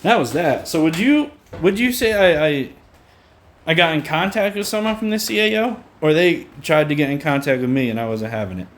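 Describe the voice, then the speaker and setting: A man's voice: fairly high pitch, lively intonation, a little fast, a little hiss or hum. Sarcastic man ranting to camera. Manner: sarcastic, repeats a mocking "hello". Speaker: vlogger. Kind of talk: casual ranting vlog.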